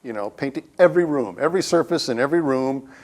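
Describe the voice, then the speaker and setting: A man's voice: medium pitch, expressive, fast talker, darkish tone. Man, guest preacher, conversational sermon, humorous storytelling, church sanctuary. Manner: humorous storytelling, acts out quotes. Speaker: guest speaker.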